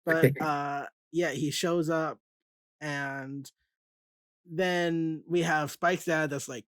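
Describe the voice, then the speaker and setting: A man's voice: fairly high pitch, steady tone, extremely slow, clean tone, no room sound, clean studio sound. A man hosting a casual comic book show, animatedly retelling scenes and acting out characters' lines. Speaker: podcast host.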